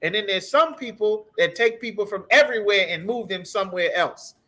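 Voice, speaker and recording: High, bright-voiced man teaching scripture. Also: brisk. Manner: emphatic, profane, repetitive. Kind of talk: heated scripture breakdown.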